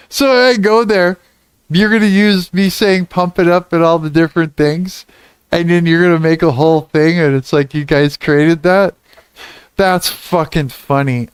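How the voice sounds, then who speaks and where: Slow-talking giggly man on a livestream. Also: fairly high pitch, smooth, dry recording, clean studio sound. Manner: giggly, swears a lot, reads chat aloud. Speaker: livestream host. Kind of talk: casual livestream chat reading comments.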